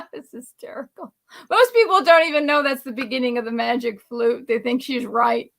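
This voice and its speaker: A woman's voice: high-pitched, normal speed, creaky, fairly bright tone. A woman chatting casually on a livestream, laughing often as she talks. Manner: giggly, breaks into laughter, quotes film lines. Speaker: livestream guest. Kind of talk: casual chat.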